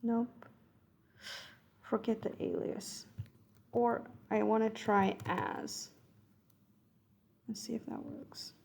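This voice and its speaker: A woman's voice: on the high side, flat delivery, slow, gravelly, long pauses, darkish tone, a little hiss or hum. A woman thinking aloud as she works through a coding exercise, correcting herself and murmuring code as she types. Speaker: coding tutor. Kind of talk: screen-recorded coding walkthrough.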